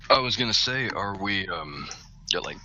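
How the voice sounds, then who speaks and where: A man playing in a tabletop game, asking a question while haltingly searching for words. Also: fairly low pitch, animated, bright, forceful tone, muffled recording, a little hiss or hum. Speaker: player. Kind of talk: casual chat.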